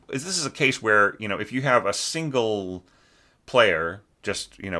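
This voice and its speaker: A deep-voiced man gives a relaxed spoken critique of an orchestration score, leaning on fillers as he thinks aloud. His tone is bright and forceful, and he breaks into sung phrases to make his points. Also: slow. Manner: sings musical phrases to illustrate, many fillers. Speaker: orchestration teacher reviewing a student score.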